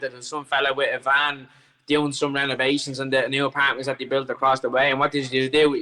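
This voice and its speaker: A man's voice: medium pitch, pushed and bright, poor audio. An Irish man on a podcast as a guest, telling a long story in casual chat, rambling with plenty of swearing and restarts.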